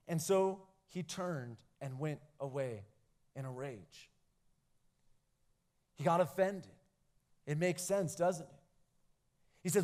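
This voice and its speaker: A man preaching a youth sermon, animated in his storytelling, who acts out quoted lines. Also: on the high side, slow pace, pauses often. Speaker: youth pastor.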